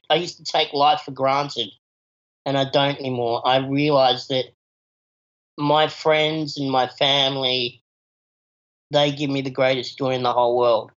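A man talks through his interview answers with eager, chatty energy, at a middling pitch for a man. The recording sounds a little dull and lo-fi, with the top end rolled off. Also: a bit bright. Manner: enthusiastic, chatty, with fillers like "you know". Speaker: actor, interview guest.

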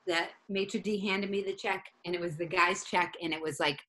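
A woman comedian telling a story in casual chat, animated and profane, acting out each side of it. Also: lowish voice, normal speed, a little hiss or hum. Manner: animated, profane, acts out both sides of a story. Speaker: stand-up comedian, guest.

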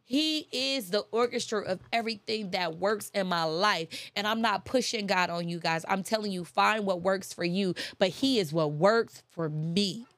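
A woman's voice: medium pitch, moderate pace, few pauses, fairly bright tone, dry recording. A woman giving a faith-based motivational talk, emphatic and repeating her key phrases. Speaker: motivational speaker.

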